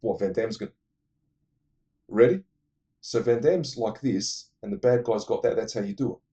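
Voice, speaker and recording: A man's voice: lowish voice, dark tone, breathy edge, dull audio. A man casually retelling a film plot, rambling and swearing, losing his thread now and then. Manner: acts out the characters' lines in quick impressions.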